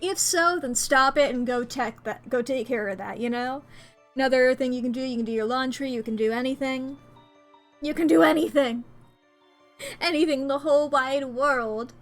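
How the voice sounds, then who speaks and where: A woman's voice: high voice, moderate pace, faint music behind. A woman with an American accent chatting playfully to viewers during a live-streamed game. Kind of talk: casual live-stream chat while gaming. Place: home room by a window.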